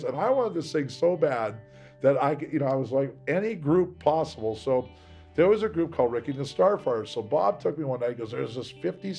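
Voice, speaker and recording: A man's voice: medium pitch, creaky, a little mellow, breathy edge. Man telling a rambling life story. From Seattle, USA. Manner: rambling, acts out quoted voices. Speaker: interviewee, singer. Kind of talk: candid storytelling interview.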